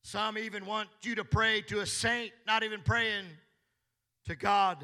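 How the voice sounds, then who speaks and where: A man preaching a sermon, speaking slowly and building from hushed tones up to shouting. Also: high-pitched, little pitch movement. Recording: long hall reverb.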